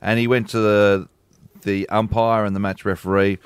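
Man, measured co-host, lowish voice. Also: level tone, smooth. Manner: measured, explains in detail. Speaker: radio co-host. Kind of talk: casual chat.

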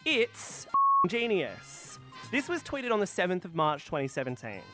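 A woman's voice: on the low side, big pitch swings, fast talker. An Australian woman hosting a radio show, bubbly and giggly, chatting emphatically with a guest over a faint music bed. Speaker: radio host. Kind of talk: upbeat radio chat.

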